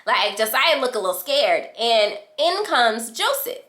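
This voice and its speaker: A young woman vlogger telling a storytime in casual chat, animated and slangy, acting out what others said. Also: a little high, a little slow. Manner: animated, slangy, acts out quotes. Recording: echoey room.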